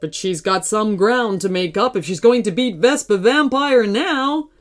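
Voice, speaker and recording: A woman voicing an excited race announcer in a children's story, cheering out slow, drawn-out calls. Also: mid-range voice, lightly acted.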